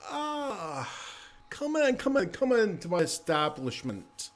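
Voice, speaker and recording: A man putting on a chatty high-voiced tavern keeper. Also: big pitch swings, slow, exaggerated voice. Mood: welcoming. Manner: chatty, fussing host. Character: fussy welcoming tavern keeper.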